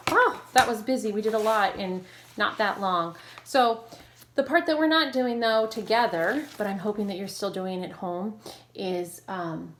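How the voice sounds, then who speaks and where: A woman's voice: medium pitch, fairly bright tone. A woman teacher leading a recorded reading lesson for children, prompting syllables and praising each answer.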